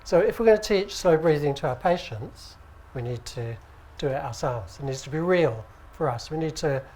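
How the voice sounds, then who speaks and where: Holding a handheld mic, a British man who teaches acupuncture lectures to an audience in a conference room. His fairly high voice moves at a moderate pace, relaxed and conversational, as he seeks the audience's agreement.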